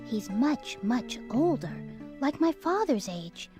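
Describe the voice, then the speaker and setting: A woman voicing a gentle, polite young woman in a video game, speaking softly and earnestly. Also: fairly high pitch, sing-song, slow, faint music behind.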